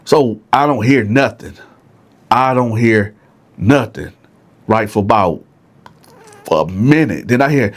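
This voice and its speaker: A man's voice: lowish voice, slow, pauses often. A man telling a jail story casually, often checking in with the listeners. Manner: conversational, frequent "right?", addresses listeners.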